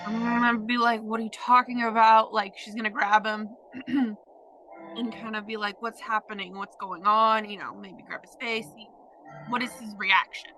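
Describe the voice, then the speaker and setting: A woman's voice: mid-range voice, steady tone, unhurried, sharp tone, faint music behind, poor audio. A woman playing a tabletop game, speaking casually and a little tentatively in character. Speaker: player.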